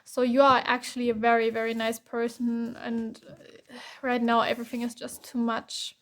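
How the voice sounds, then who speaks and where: A woman's voice: a little high, completely flat delivery, normal speed. A young woman from Germany with a German accent, giving a casual, chatty tarot reading and filling her talk with "like" and "um". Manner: casual, chatty, heavy use of "like" and "um". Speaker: tarot reader. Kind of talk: pick-a-card tarot reading.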